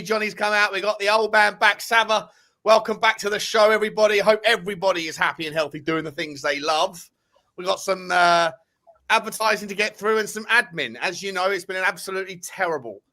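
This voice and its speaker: Bright upbeat host. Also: male voice, a little high. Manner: upbeat, chatty, banter-heavy. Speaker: podcast host. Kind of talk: casual podcast chat.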